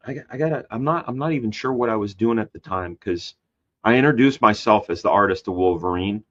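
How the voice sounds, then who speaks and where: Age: adult. Sex: man. Style: lively storytelling. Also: fairly quick. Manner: animated, acts out quoted voices with big pitch jumps; loose and rambling with many fillers and restarts. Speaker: guest; comic book artist. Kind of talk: casual storytelling in a conversation. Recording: slightly dull lo-fi sound.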